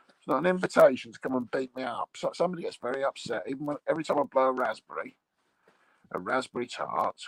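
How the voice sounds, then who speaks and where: A man's voice: mid-range voice, vocal fry, breathy edge, no room sound, rough recording. A man rambling through crude comic chat, bawdy and meandering, chuckling at his own jokes. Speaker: comic monologue host.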